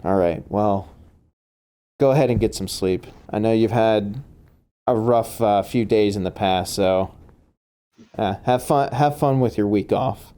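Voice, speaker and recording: A man voicing a kindly older woman who runs an orphanage, talking in a weary, soft-spoken way over a home chat mic. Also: lowish voice, unhurried, clean tone, lightly acted. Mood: gentle.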